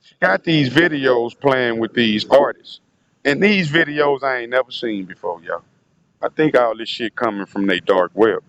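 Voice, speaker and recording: A man's voice: mid-range voice, moderate pace, vocal fry, highs cut off, a crowd in the background. A man telling a rambling, profane story in a casual vlog monologue, often turning to speak to his audience. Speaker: vlogger.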